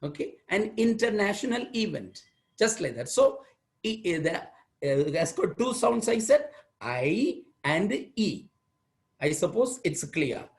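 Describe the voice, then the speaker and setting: Over a video call, an aptitude trainer from Tamil Nadu delivers an online workshop lecture in Tamil Indian English, with a mid-range voice that is very animated. The teaching is slow, repetitive and emphatic, with key words stressed again and again.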